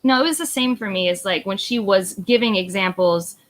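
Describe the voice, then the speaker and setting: A woman's voice: mid-range voice, a little fast. A woman on a video call in a casual book club discussion, chatty and full of "like". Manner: chatty, lots of "like".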